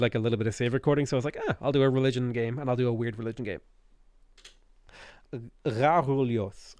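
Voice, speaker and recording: Irish male streamer, easygoing, answers chat between turns; middle pitch, no room sound. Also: dry recording, studio quality. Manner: rambling, reads out and answers chat questions. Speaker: game streamer. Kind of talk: casual live-stream chat.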